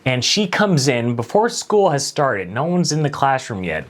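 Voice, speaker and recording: Male host, storytelling monologue, casual and self-deprecating, lively swooping pitch. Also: normal speed. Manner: animated, conversational, self-deprecating. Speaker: late-night show host.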